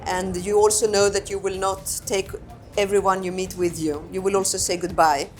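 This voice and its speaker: A woman ambassador, answering interview questions in a reflective, unhurried way and often repeating her words. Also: mid-range voice, flat delivery, music in the background. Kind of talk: candid conversational interview answers.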